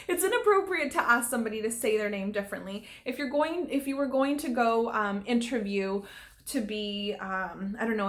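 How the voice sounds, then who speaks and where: A young actress speaks straight to her viewers in a casual vlog, her voice sitting a little high. She is earnest and stirred up, laughing often as she makes her point. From California. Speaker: actress and acting vlogger. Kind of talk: casual vlog talk to camera.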